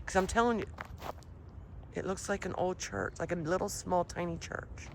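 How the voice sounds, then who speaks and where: A woman's voice: lowish voice, normal speed, creaky. A woman vlogging a paranormal walk outdoors, questioning spirits aloud and talking to her viewers. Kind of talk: casual ghost-hunting vlog. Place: outdoors, sunny rural grounds. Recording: outdoor recording with background noise.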